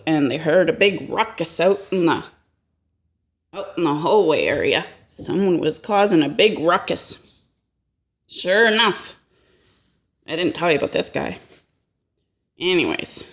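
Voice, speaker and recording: A woman doing a rambling, folksy comic monologue and tagging her lines with a questioning "eh?". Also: lowish voice. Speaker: comedian.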